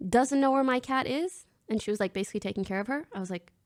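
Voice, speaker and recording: A young woman streamer talks fast in a high-pitched voice, casually telling her chat a story. She's animated, swears freely, and acts out what people said.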